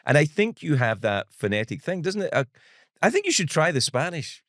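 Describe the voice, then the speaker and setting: Animated man hosting a podcast. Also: a little high, brisk, dry recording, studio quality. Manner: playful, laughing, teasing questions. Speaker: podcast host. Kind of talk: casual interview chat.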